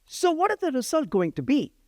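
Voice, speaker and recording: Animated man teaching code. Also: extremely high pitch, a little fast, dry recording, clean studio sound. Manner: conversational, many "right?" check-ins. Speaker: programming instructor. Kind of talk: live-coding lecture.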